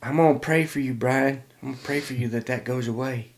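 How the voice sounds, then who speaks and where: A man's voice: mid-range voice, brisk, pitched above the performer's own voice, natural voice. A man voicing a concerned neighborhood lady with a put-on Southern accent, fussy and doting.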